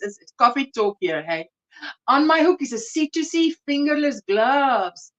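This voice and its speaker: A woman's voice: high voice, fairly bright tone. A South African woman hosting a casual livestream chat, chatty and laughing often as she reads viewer comments aloud. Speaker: livestream host.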